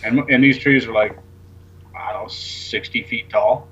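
A man's voice: on the low side, steady tone, measured pace, fairly bright tone, highs cut off. A man, a talk show guest, telling a rambling story in casual chat and acting out the lines of the people in it. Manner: rambling, acts out quoted dialogue, swears casually.

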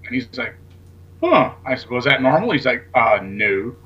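A man with a husky, somewhat rough voice tells a story in loose, rambling fashion, now and then swearing. He plays out each back-and-forth himself, and the recording sounds dull and lo-fi. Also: medium pitch, big pitch swings, normal speed. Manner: rambling, acts out quoted dialogue, swears casually. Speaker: guest. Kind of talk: casual storytelling on a talk show.

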